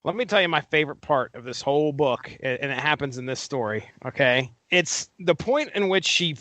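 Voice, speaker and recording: A chatty man with a fairly high voice co-hosts a relaxed comic book podcast. He retells scenes with plenty of laughter. The sound is close and dry, with no room echo. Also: brisk. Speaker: podcast co-host. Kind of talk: casual comic book discussion.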